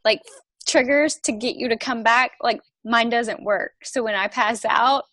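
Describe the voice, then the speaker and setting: A woman co-host with a Texas accent, chatting in an animated, self-deprecating way. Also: a little high, unhurried, no room sound. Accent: Texan. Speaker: podcast co-host. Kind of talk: casual chat.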